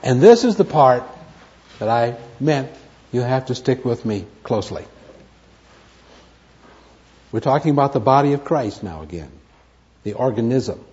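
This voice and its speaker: A man leads a Bible study lecture, leaning hard on key words and repeating them for his listeners. His voice is mellow and dark, rising and falling with lively swings in pitch. The recording sounds dull and lo-fi. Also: unhurried, pauses often. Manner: emphatic, repeats key words, asks and answers his own questions. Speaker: Bible teacher.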